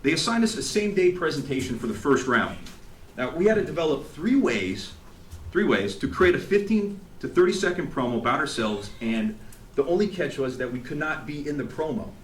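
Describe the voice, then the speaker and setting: A man giving an emotional, animated storytelling speech to an audience at an event, acting out what people said. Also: on the high side, brisk, slight background noise. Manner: animated, acts out quotes, laughs along. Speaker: graduating student giving a speech. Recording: echoey hall, faint ambience.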